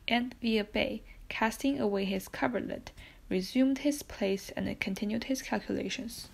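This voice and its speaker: A woman reading a classic novel aloud in a soft, hushed whisper, slow and even. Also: on the high side, gravelly, breathy edge. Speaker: audiobook narrator.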